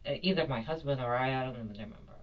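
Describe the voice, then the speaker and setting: A woman's voice: a bass voice, rapid-fire. A woman in her forties recounting an incident in an interview, rambling with many fillers and self-corrections. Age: 40s. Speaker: airline passenger being questioned. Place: interrogation room. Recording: dull lo-fi recording.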